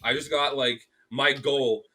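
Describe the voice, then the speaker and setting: A young man with a bright, forward voice tells a story in easygoing podcast chat. He acts out what people said, full of "like" and quick restarts. His pitch sits mid-range for a man. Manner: animated storytelling, acts out quotes, many fillers. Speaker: podcast guest, graphic artist. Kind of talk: casual chat.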